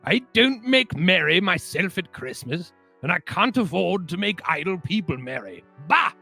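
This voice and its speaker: A man's voice: sits high, big pitch swings, moderate pace, creaky, pushed and bright, breathy edge, faint music behind, full character voice. A man voicing a cold, miserly old man with a clipped, scornful delivery.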